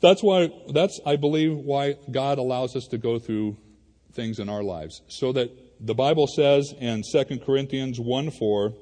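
A male pastor preaching a sermon in a church, conversational and animated, talking to the congregation like friends. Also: medium pitch, unhurried. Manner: conversational and animated, addressing the congregation as "you guys". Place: church sanctuary. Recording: reverberant hall.

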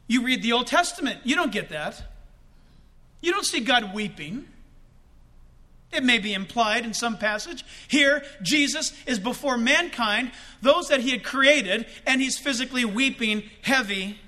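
A male pastor preaching a sermon, slowing down dramatically to stress key words and rising with emphasis. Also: very high voice, lively intonation, sharp tone.

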